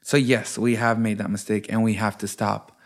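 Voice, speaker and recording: Halting man with a gravelly voice. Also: fairly low pitch, flat delivery. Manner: halting, conciliatory, many fillers. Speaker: podcast co-host. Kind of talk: candid couple conversation.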